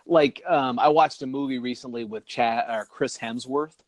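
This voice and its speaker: A man's voice: mid-range voice, fairly even intonation, normal speed, no room sound. A man co-hosting a podcast in casual chat, rambling and laughing often as he talks. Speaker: podcast co-host.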